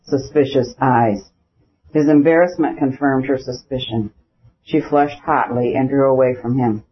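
Husky male audiobook narrator. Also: medium pitch, steady tone, unhurried. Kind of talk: scripted narration of a classic novel. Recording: dull lo-fi recording.

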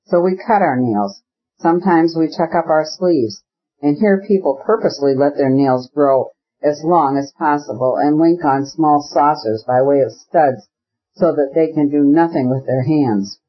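A husky-voiced man reading an audiobook, voicing an earnest, uneasy young country landowner in a plain, serious way. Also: fairly high pitch, measured pace, dull audio.

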